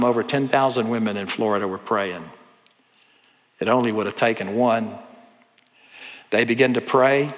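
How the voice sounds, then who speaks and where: A man's voice: mid-range voice, big-room sound. A man, a pastor telling stories in a folksy sermon and acting out the voices of the people in them. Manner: folksy, animated storyteller who acts out voices. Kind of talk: storytelling sermon.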